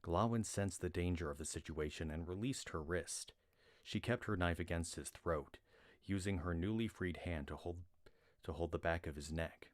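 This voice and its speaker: A man reading a novel aloud on a livestream in a slow, steady storytelling manner. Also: deep voice, dry recording, clean studio sound. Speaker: reader.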